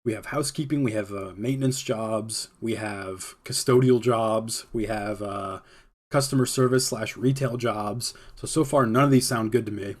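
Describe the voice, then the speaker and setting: A man's voice: fairly low pitch, normal speed. A young man hosting a podcast, telling a long personal story in a casual, chatty way, full of "like" and little laughs. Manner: chatty, heavy use of "like", laughs between lines. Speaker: podcast host.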